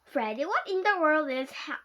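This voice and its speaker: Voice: sits high, big pitch swings, bright, forceful tone, a little hiss or hum, pitched above the performer's own voice, exaggerated voice. A child reading a storybook aloud, voicing a frazzled, stern mother who scolds her son. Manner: scolding, demanding, slow and emphatic.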